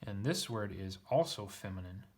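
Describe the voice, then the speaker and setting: A man's voice: on the low side, expressive, normal speed, husky. A man working through a Latin scripture text aloud, thinking as he goes, hesitant and self-correcting, poking fun at himself. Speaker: teacher reading Latin scripture.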